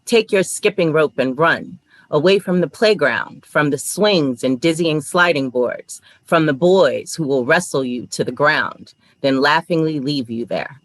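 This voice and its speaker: A woman's voice: low-pitched, measured pace, dry recording. A woman reading her poetry aloud at an online open mic over a video call.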